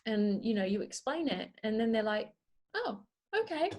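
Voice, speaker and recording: A woman's voice: mid-range voice, normal speed, darkish tone. Aussie woman, 30s, earnest and reflective, chatty interview talk, lots of "you know". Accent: Australian. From Australia. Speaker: guest, Paralympic swimmer and advocate. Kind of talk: casual interview conversation.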